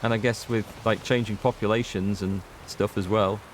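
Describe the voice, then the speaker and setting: A man's voice: on the low side, fairly even intonation, normal speed, a little hiss or hum. A man with a North Yorkshire accent, chatting casually and rambling while he plays a game and talks to his viewers. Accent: North Yorkshire English. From North Yorkshire, England. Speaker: let's play gamer. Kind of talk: casual gameplay commentary.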